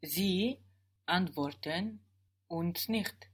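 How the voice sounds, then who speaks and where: A woman's voice: lowish voice, extremely slow, husky. A woman answering as a student in a language lesson, tentatively working out her replies word by word.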